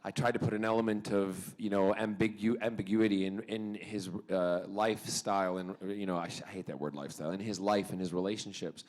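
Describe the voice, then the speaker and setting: A man's voice: fairly low pitch, steady tone, fairly quick, hardly any pauses, darkish tone, low-quality recording. A man with a North American accent answering fan questions at a convention panel, a playful, cheeky storyteller full of jokes and asides.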